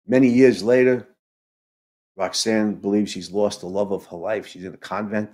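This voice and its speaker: A man in a podcast conversation, retelling a play emotionally, halting and restarting often. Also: on the low side, steady tone, mellow. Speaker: podcast co-host.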